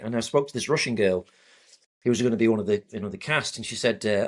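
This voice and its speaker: A male interview guest telling an animated personal story, vivid and sweary, laughing at himself. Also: on the low side, quick pace. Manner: vivid, swearing, self-deprecating.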